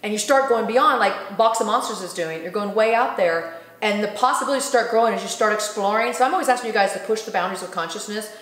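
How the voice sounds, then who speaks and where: A woman hosting a casual spiritual talk, animated and laughing often as she acts out what others said. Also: medium pitch, quick pace, reverberant. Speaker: host.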